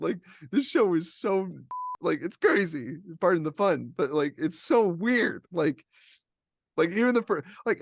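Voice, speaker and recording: Young male co-host, casual, rambling and animated, recorded dry and close. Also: high-pitched, dry recording. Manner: rambling, heavy use of "like", animated retellings. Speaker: podcast co-host reviewing films. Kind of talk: casual chat.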